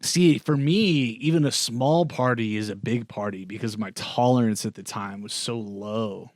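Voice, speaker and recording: A man's voice: lowish voice, normal speed, darkish tone, dry recording, clean studio sound. A young man co-hosting a podcast, chatting casually with a hesitant, confessional manner and lots of fillers. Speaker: podcast co-host. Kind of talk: casual chat.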